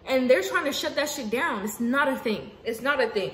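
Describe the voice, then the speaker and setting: A woman giving an unscripted spiritual monologue to her viewers, casual and profane, swinging between emphatic outbursts and hushed asides. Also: sits high, animated, normal speed. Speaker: spiritual vlogger. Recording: roomy echo with faint background noise.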